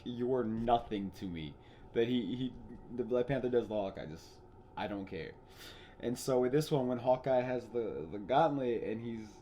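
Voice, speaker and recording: An excitable young man talks through his favourite movie scenes in a loose, chatty podcast, swearing and tripping over restarts. His voice sits low and mellow. A faint hiss of noise runs underneath. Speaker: podcast host. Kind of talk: casual spoiler chat.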